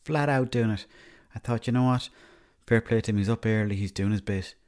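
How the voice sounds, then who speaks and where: An Irish man with a lowish voice tells a long comic story in a flat, matter-of-fact way. He rambles, trips over his own phrases and circles back to correct himself, never breaking from his deadpan delivery. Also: a little fast. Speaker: comedy character monologue.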